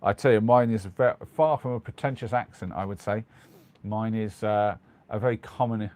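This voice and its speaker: Rambling British man, low dry voice. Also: steady tone, moderate pace, darkish tone, no echo. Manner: rambling, lots of ums and restarts, chuckles often. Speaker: live streamer in his van. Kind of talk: casual live-stream chat reading comments. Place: small converted van at night.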